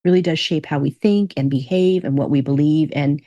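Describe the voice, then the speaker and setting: A woman's voice: sits low, a little fast, dark tone, lo-fi sound. A woman guest telling stories in a casual conversation, often repeating her phrases. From Alaska.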